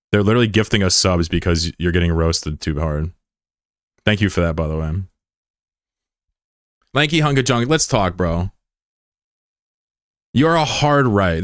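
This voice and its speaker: A man's voice: lowish voice, no echo, studio quality. A man from the United States, a livestreamer in casual chat, taunting and combative with a viewer and swearing freely.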